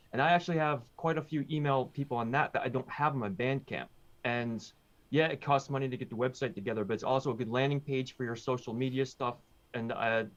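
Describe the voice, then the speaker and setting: A guest musician chatting on a livestream in an easygoing, steady way, offering his opinions. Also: mid-range voice. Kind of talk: casual livestream chat. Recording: dull lo-fi call audio.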